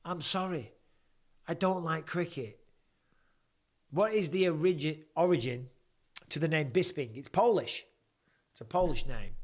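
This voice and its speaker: A man, chatting bluntly and swearing as he reads viewer questions on a live stream. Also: on the high side. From England. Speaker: livestream host watching fights.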